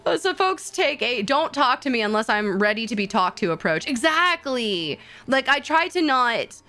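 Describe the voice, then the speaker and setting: A young woman streamer chatting with her viewers, rambling and excitable, with many fillers and sudden high squeals. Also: normal speed. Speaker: VTuber streamer. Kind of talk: casual stream chat with viewers.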